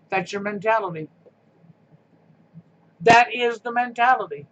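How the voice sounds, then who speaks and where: A man's voice: sits high, moderate pace, pauses often, a bit bright, dull audio. A man giving a sarcastic, mocking rant on a live stream, blunt and frustrated in tone.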